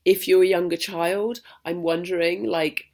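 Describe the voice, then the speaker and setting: A woman's voice: fairly low pitch, fairly even intonation, a little slow, darkish tone. Young woman vlogging to camera, rambly and blunt, swears a lot, trips over her words. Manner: rambling, frank, swears freely, restarts often. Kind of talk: candid personal vlog monologue.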